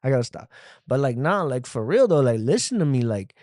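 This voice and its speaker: A man's voice: mid-range voice, sing-song, a little fast, a little mellow, no echo, natural voice. A podcast host voicing a vulnerable young street dude who drawls slang and ends his phrases with 'fool' or 'dog', recorded on a phone in a dry room. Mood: laid-back. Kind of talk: comedic podcast bit.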